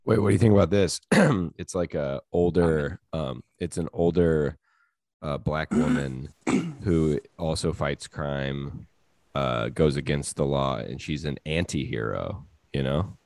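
Deep-voiced man riffing jokes. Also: a little slow, a little mellow, dry recording, clean studio sound. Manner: riffing, jokes in bits, laughs often. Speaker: podcast co-host. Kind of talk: casual comedic chat. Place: apartment in a high-rise.

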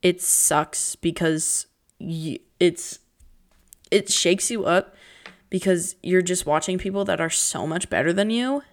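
A young woman hosting her own podcast in casual chat, chatty and dramatic, jumping between pitches and whispers. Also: slow. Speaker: podcast host.

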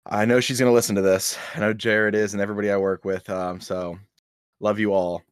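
A man's voice: on the low side, level tone, fairly quick, clean tone, no echo, clean studio sound. A man co-hosting a podcast, telling a rambling, self-mocking story in casual chat, swearing and laughing at himself. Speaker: podcast co-host.

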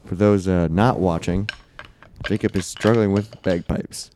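A man's voice: deep voice, fairly even intonation, unhurried, warm tone, a little hiss or hum. A man co-hosting a casual podcast, joking around with a wry, teasing manner. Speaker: podcast co-host.

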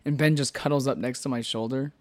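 A man's voice: medium pitch, steady tone, quick pace. A man in his late twenties telling a story in casual chat, laughing often and swearing freely. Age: late 20s. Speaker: podcast co-host telling a story.

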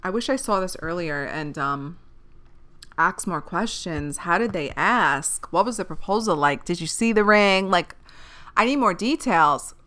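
A young woman with a bright, crisp voice hosts her podcast in a loose, rambling way. She gives blunt big-sister advice, swears casually and corrects herself as she goes. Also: lowish voice, lively intonation, a little slow. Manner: chatty, rambling, self-correcting. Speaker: podcast host.

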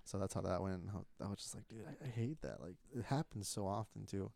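A young man co-hosting a casual podcast, retelling a story in an animated, profane way with frequent laughter. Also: fairly low pitch, fast, creaky. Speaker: podcast co-host.

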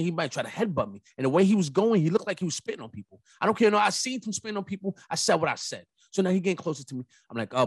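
A young adult man hosting a casual solo podcast, telling rambling, animated stories with emphatic asides. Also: high-pitched, husky, no echo. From New York. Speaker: podcast host.

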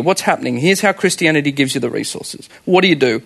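High-voiced Australian preacher. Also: male voice, brisk, creaky, hardly any pauses. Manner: animated, asks the congregation rhetorical questions, laughs often. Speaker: pastor. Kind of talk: sermon.

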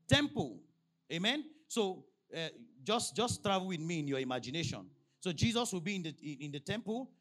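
Animated preacher, high lively voice. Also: male voice. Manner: call-and-response, prompting the congregation with "what?"; reads scripture slowly and emphatically. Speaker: pastor. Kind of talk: sermon.

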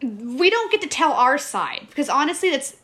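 Bright-voiced young woman, blunt co-host. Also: high-pitched, sing-song. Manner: blunt, profane, quick reactions. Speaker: podcast co-host, hotel worker. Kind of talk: casual chat.

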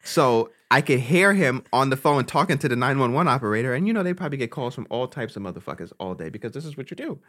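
Young NY guy, podcast co-host, lively swooping delivery, salty casual storyteller. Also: medium pitch, fast talker, hardly any pauses. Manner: animated, profane, laughs through his story.

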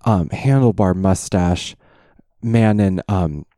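Male co-host, unhurried, mellow tone, crude joking delivery, dry sound. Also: deep voice, no echo. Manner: joking, crude, halting with fillers. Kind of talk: casual chat.

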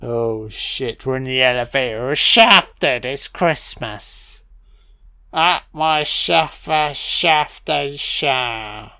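A drunk man rambling and swearing excitedly through a film commentary. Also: mid-range voice, very slow, vocal fry, clear, resonant tone, no echo, clean studio sound. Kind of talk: audio commentary over a film.

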